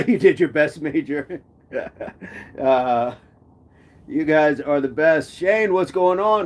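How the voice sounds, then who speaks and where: A playful man hosts a casual live stream, reading viewer comments aloud and laughing often. His voice sits a little high for a man, and he tends to repeat his phrases. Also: takes it slowly. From United States.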